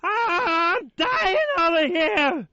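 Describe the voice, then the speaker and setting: A man's voice: extremely high pitch, lively intonation, slow, sharp tone, no echo, heavily acted. A man voicing a drunk male cartoon barfly who has been shot, screaming and sobbing that he is dying. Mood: wailing, desperate. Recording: dull lo-fi radio broadcast.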